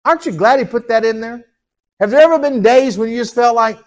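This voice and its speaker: Male pastor, slightly high voice, folksy sermon with chuckles and call-and-response. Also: very animated, normal speed.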